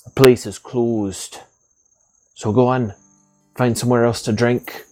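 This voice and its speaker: A man's voice: medium pitch, steady tone, takes it slowly, darkish tone, soft background music, voice pushed up, lightly acted. A man voicing a smug, dismissive male halfling who curtly orders someone away. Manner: curt, dismissive.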